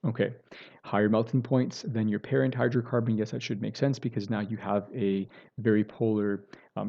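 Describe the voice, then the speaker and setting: Male chemistry teacher, lowish voice, recorded lecture with a muffled computer mic; talks through steps, checks in with the class. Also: gravelly, dark tone. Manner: explains step by step, self-correcting, many "right?" and "okay" checks.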